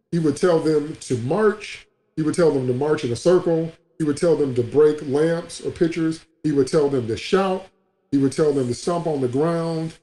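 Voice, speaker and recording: A man's voice: on the high side, mellow, roomy sound. A man preaching a sermon as a pastor, emphatic and repetitive, in a livestream broadcast.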